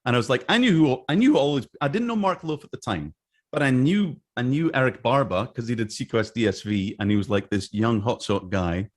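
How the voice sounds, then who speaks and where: A middle-aged man recounting his career in a relaxed interview. He talks with lively energy and slips into the voices of the people he quotes. His voice sits at an ordinary middle pitch. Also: a little fast. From Scotland. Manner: animated, acts out quoted voices. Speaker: interview guest. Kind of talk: casual storytelling.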